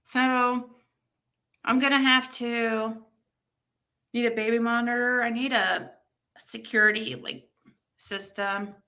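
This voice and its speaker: A young woman hosting a livestream, telling a story in casual chat and reacting to comments with animated exclamations. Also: fairly high pitch, slow pace, pauses often. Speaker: livestream host.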